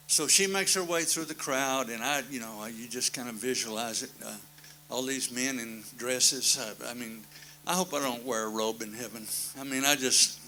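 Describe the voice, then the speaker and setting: A man's voice: medium pitch, bright, forceful tone, slight background noise, rough recording. A man preaching a sermon in a folksy, plain-spoken storytelling manner, repeating his refrains.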